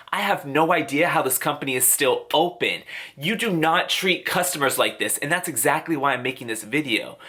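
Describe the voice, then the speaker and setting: A man's voice: medium pitch, pushed and bright. A young man telling an angry storytime rant to camera, heated and indignant. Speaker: vlogger.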